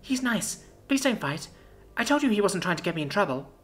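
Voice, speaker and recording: A timid young alien girl speaks in a high, hushed, pleading voice, as a male narrator puts her on. She sounds gentle and easily frightened. This is storybook narration. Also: sing-song, fairly quick, faint music behind. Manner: soft pleading.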